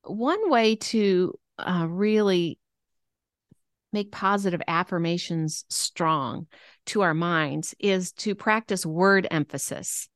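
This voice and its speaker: A woman's voice: lowish voice, slow, no echo, clean studio sound. A woman guest on a podcast explaining things in an earnest way, with some hesitant ums. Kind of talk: casual interview conversation.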